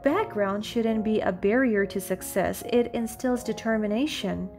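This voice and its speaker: A woman reading the lines of a composed single mother at a job interview, answering calmly and with confidence. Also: mid-range voice, unhurried, soft background music, lightly acted. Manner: calm, self-assured.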